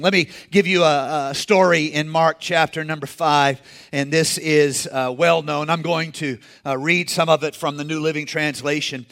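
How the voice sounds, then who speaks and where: A man preaching a sermon in a conversational way, rising to shouts and acting out the people in the story. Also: a little high, steady tone, unhurried, creaky. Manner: acts out quoted characters in the story. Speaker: pastor.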